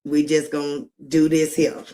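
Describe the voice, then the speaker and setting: A woman's voice: sits low, dark tone. A middle-aged woman hosting a live commentary stream, talking emphatically and drawing out words, with frequent laughs. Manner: emphatic, drawn-out, laughs often.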